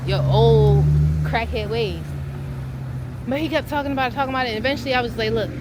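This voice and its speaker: A woman's voice: a little high, brisk, long pauses. Slangy twenty-something woman telling a story outdoors. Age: 20s. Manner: slangy, animated and exasperated retelling. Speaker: vlogger. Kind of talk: casual storytime vlog. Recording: loud outdoor street noise.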